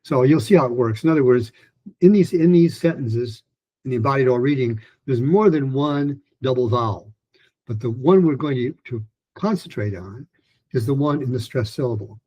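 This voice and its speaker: Guy teaching pronunciation, kinda husky dark voice, rambles and restarts a lot. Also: mid-range voice, rough recording. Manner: rambling, many restarts and fillers, models phrases slowly. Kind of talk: recorded lesson talk.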